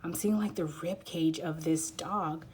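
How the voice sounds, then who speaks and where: A woman giving an intuitive card reading, rambling and halting with many fillers and growing emotional as she talks. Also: low voice, a little mellow, husky. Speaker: tarot reader. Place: quiet room at home.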